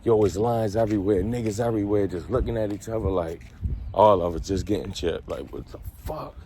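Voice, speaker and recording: Low-voiced man telling a profane story. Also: fairly even intonation, brisk, dark tone, a little hiss or hum. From Baltimore. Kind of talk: casual storytime.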